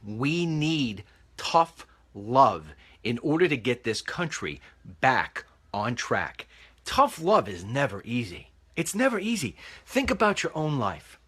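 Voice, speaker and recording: Out on a walk, a middle-aged talk show host delivers commentary that is emphatic, repetitive and preachy. His mid-range voice is very animated but slow, a bit bright and husky.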